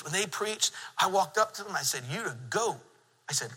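A middle-aged male pastor delivers a lively sermon, telling stories and teasing his congregation. His voice is high and very bright with a husky edge, and it rings out with the long reverb of a church hall. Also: brisk. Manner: animated storytelling preacher, jokes with the congregation. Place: church sanctuary.

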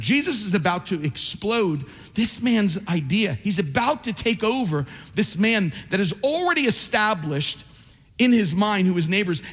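A pastor delivers his sermon in a lively, sweeping voice that climbs high and falls back low. He is a man whose tone sits well above the usual, and he acts out the voices of the people in his stories. His words ring out with the long reverb of a church hall. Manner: animated preaching, acts out quoted voices. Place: church sanctuary.

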